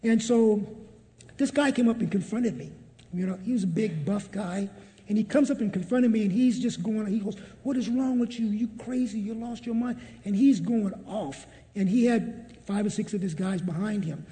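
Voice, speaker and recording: A man's voice: high voice, normal speed, warm tone, in a large hall. A man telling a personal faith testimony in a storytelling manner, often repeating what he said. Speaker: testimony speaker.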